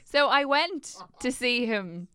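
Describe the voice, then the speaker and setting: Bright, crisp Irish woman chatting. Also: high voice, animated, slow. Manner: chatty storyteller, trails off and restarts. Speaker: podcast co-host. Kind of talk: casual chat.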